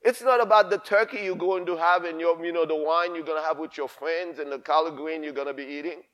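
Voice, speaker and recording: Pastor, male, high voice, preaches with fire and repetition. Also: fairly even intonation, fast talker, a bit bright. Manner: impassioned, emphatic, repeats himself. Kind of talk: sermon.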